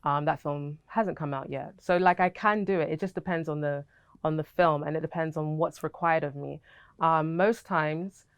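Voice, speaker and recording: A woman's voice: low-pitched, no echo, studio quality. A young woman with a British accent, an actress answering interview questions in a candid, chatty way and laughing easily.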